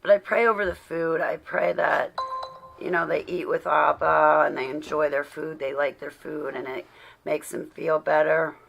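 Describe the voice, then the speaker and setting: A woman's voice: sits low, fairly even intonation, moderate pace, creaky, a little hiss or hum. A woman hosting a casual livestream, chatting to her viewers and muttering to herself as she looks for something. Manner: flustered, talks to herself while searching; affectionate shout-outs to viewers. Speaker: livestream host.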